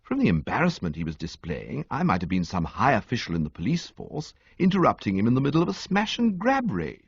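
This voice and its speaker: A man narrating a comic audiobook with an expressive, sweeping storytelling delivery, on a dull, dry recording. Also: medium pitch, fairly quick, creaky, breathy edge, no echo.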